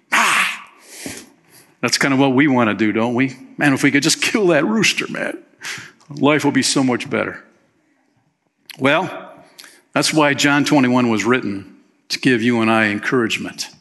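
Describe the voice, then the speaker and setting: A man delivering a sermon in a church, his voice bright and forward. He talks to the congregation like friends, dropping in "man" and slipping into the voices of the people he quotes. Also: medium pitch. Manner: conversational preaching, peppered with "man", acts out quotes. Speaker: pastor.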